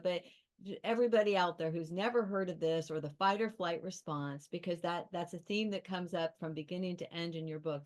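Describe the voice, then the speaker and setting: A woman hosting a podcast interview, talking casually as she sets up questions. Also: fairly low pitch. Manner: conversational, with fillers and restarts. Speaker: podcast host.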